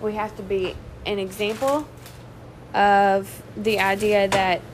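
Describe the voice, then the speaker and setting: A woman's voice: medium pitch, slow pace. A young woman, a Christian mother giving casual, chatty encouragement and stories to her viewers. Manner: chatty, folksy, addresses listeners as y'all. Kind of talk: casual faith-based encouragement and storytelling. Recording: steady background noise.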